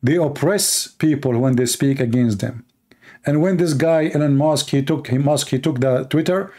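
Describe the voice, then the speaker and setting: A man's voice: mid-range voice, moderate pace, warm tone. A man from the Middle East with an Arabic accent, preaching an emphatic sermon in short, repeated lines. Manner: emphatic, repetitive exhortation with short punchy lines. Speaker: Christian preacher. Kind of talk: fiery political sermon.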